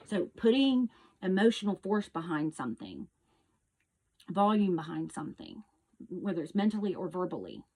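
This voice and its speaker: A woman hosting her own show, earnestly teaching about energy in a casual monologue with restarts, sometimes calling out loud echoing hellos. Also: lowish voice. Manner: earnest, repetitive, with restarts and loud echo demonstrations. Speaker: host.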